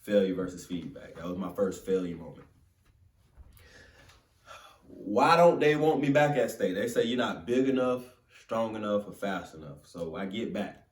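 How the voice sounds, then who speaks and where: A young man from Florida telling a motivational story in an animated, casual, conversational way. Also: fairly low pitch, normal speed. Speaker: motivational speaker. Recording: roomy sound from a distant mic.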